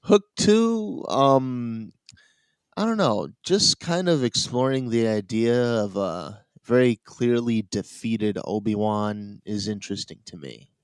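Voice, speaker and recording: A man with a fairly low voice talks casually on a podcast, wandering through his thoughts and chuckling now and then. The sound is dry and close, with no room echo. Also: animated, slow pace, smooth. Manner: rambling, laughs at own points. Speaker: podcast co-host. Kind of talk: casual chat.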